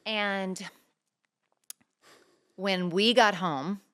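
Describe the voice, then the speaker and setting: Her smooth, mid-range voice moves very slowly. She's a middle-aged woman co-hosting a talk show, sharing a personal story in casual chat with earnest, animated delivery and acted-out quotes from the conversation.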